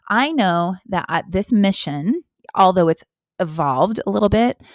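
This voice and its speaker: A woman's voice: mid-range voice, no echo, studio quality. A middle-aged woman hosting a health-coaching podcast, talking earnestly and animatedly on her own. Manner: earnest, animated, acts out quoted voices. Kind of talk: casual solo podcast talk.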